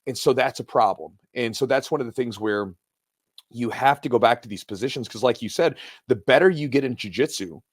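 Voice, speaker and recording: A man co-hosting a casual podcast and telling a long, animated story, acting out the other people's voices as he goes. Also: mid-range voice, a little fast, no echo, clean studio sound. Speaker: podcast co-host. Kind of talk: casual chat.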